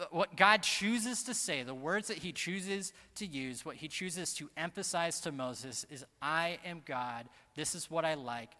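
A man preaching a sermon as pastor, earnest and emphatic, slowing down to stress key phrases. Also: fairly high pitch, bright, forceful tone. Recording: long reverb of a large hall.

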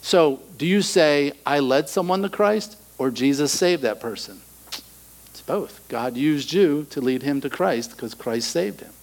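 A middle-aged male pastor preaching a sermon, animated, acting out quoted voices and dropping to soft asides. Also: a little high, measured pace, rough recording.

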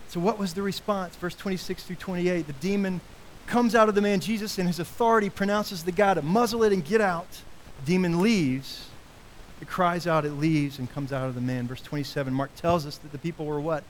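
A man preaching a sermon as pastor, animated, his voice rising high when he quotes cries of woe. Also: brisk, slight background noise, rough recording.

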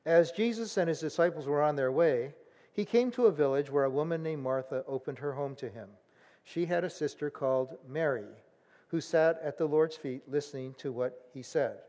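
Male pastor, chatty sermon, slightly high voice, long church reverb. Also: normal speed. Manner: conversational, animated, acts out voices.

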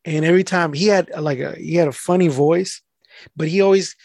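A man's voice: on the high side, brisk, darkish tone, no echo, studio quality. A man who works as a mail carrier, telling a rambling story in casual chat and swearing freely.

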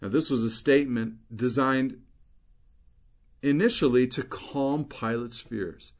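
A man's voice: medium pitch, unhurried. A man preaching an expository sermon as a pastor, earnestly explaining scripture verse by verse.

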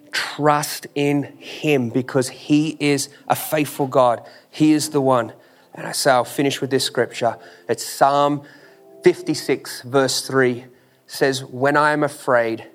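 A man preaching a sermon with an emphatic, repetitive cadence, full of rhetorical questions and casual phrasing. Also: mid-range voice. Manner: informal, drops into "ain't". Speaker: pastor.

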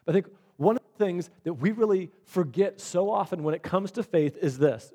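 A middle-aged man preaching a sermon, animated and storytelling, acting out the dialogue he quotes. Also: high-pitched, normal speed, few pauses. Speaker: pastor.

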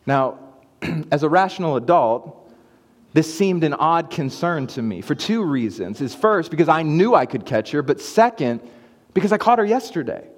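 A man's voice: on the high side, very animated, moderate pace. Pastor man preaching in a reverberant hall. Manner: storytelling, swings from hushed to hyped. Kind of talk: sermon. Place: church sanctuary. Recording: long church hall reverb.

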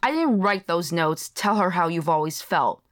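A woman's voice: lowish voice, expressive, moderate pace, no room sound, lightly acted. A woman voicing a frightened young writer caught up in a haunting, her questions anxious and disbelieving. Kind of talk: audio drama acting.

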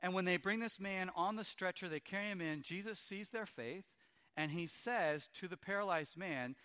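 Male preacher, bright tone, storytelling sermon delivery. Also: high-pitched, moderate pace, smooth. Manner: storytelling retelling of scripture, acting out quoted lines. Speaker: pastor.

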